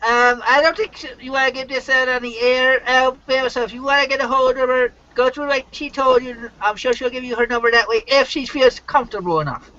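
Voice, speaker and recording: Rambling show host with a bright voice. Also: sits high, fairly even intonation, a little fast, few pauses, muffled recording. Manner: loose, rambling, reads viewer comments. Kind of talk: hosting a live online show.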